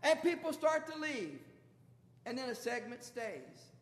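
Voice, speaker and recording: A preacher tells his sermon as a folksy, colloquial story. His voice is pitched very high, and it rings through a big church hall with a long, lingering reverb. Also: big pitch swings, a little slow.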